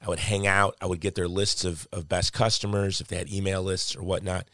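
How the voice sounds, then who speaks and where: A middle-aged man with a New Jersey accent, hosting his show and telling a story in a casual, animated way. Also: low voice, brisk, no echo, clean studio sound. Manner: animated, acts out quoted voices. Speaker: show host.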